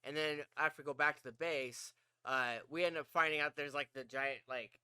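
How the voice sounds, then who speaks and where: Animated bright-voiced man telling a story. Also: fairly high pitch, normal speed, clean tone, no echo. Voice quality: animated, swears a lot, acts out his own yelps. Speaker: podcast host. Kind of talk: casual storytelling chat.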